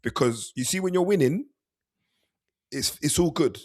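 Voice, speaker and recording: Animated man talking football. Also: on the high side, a little slow. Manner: animated, acts out players' thoughts, laughs often. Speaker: podcast co-host. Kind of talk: casual football chat.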